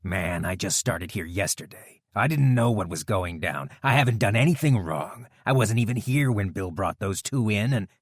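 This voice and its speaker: A man's voice: lowish voice, expressive, normal speed, few pauses, dry recording, clean studio sound. A man voicing a scar-faced criminal who sneers, then pleads, in an audiobook. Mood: pleading. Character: ruthless thug with scarred face.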